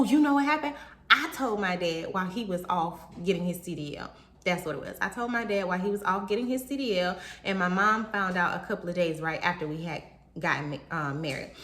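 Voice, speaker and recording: A young woman telling a personal story to her viewers in a casual, animated way, talking straight to them. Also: medium pitch. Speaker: vlogger. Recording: roomy echo.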